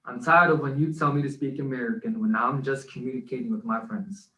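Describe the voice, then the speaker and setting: A man's voice: mid-range voice, steady tone, a little fast, sharp tone, recorded from a distance. A man co-hosting a podcast who recites his own spoken word poem in an earnest, rhythmic way. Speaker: co-host and spoken word poet. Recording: echoey room, off-mic.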